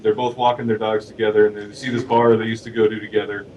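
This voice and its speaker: A man's voice: fairly low pitch, level tone, fast, darkish tone. A tired man on a livestream casually telling corny jokes and laughing at them himself. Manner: playful, giggles at own jokes. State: tired from little sleep. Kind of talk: casual joking chat. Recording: distant mic with faint noise.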